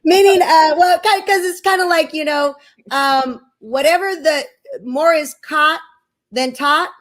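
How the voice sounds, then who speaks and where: High-voiced chatty woman guest. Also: unhurried, a bit bright. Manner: chatty, laughing, tag questions "right?". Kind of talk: casual chat, storytelling.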